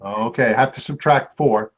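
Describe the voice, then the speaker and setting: A man hosting a trivia quiz, reading clues aloud and repeating each one slowly. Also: mid-range voice. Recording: dull lo-fi amateur recording.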